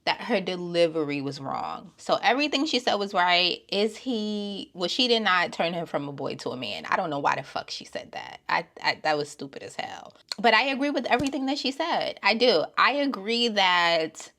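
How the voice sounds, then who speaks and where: A woman giving blunt, profane opinions in a casual vlog, dropping from low mutters to loud exclamations. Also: sing-song, normal speed, few pauses. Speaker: TV show reviewer.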